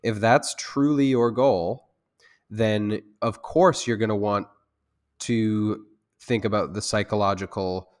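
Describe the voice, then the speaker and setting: Low-voiced self-defense instructor, rambling. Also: male voice, steady tone, slow. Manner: loose, rambling talk with many restarts and fillers; gets loud and heated when making a point. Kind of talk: conversational interview.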